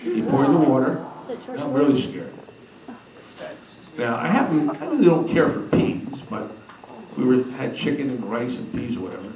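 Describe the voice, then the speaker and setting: A man giving a humorous storytelling speech at a convention, animated and acting out the people he quotes. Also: mid-range voice, moderate pace, long pauses, a crowd in the background. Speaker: speaker at a convention. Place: large hall. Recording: echoey hall from a distance.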